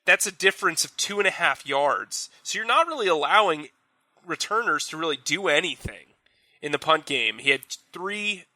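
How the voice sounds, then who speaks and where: A young man co-hosting a casual sports analysis chat, talking in quick animated bursts with frequent restarts. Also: a little high, no echo. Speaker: sports reporter co-host.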